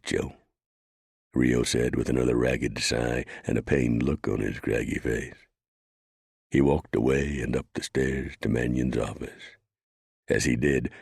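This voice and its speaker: A man reading a western audiobook in measured scripted narration. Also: extremely low pitch, creaky, a little mellow, breathy edge, no echo, clean studio sound.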